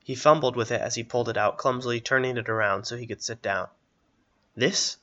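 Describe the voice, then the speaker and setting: A man reading a fantasy story aloud in a steady, even narration. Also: medium pitch, fast, muffled recording.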